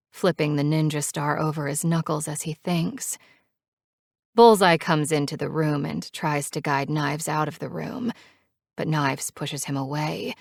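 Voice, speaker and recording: Woman narrator, romance audiobook, slow steady reading, dry close recording. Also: low voice, vocal fry, no echo.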